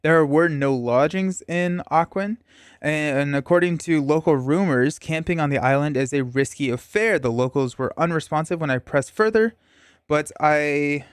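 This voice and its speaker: A man's voice: fairly high pitch, clear, resonant tone, dry recording, studio quality. A man hosting a solo board game playthrough, reading the story text aloud with stumbles, self-corrections and casual asides. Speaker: board game channel host.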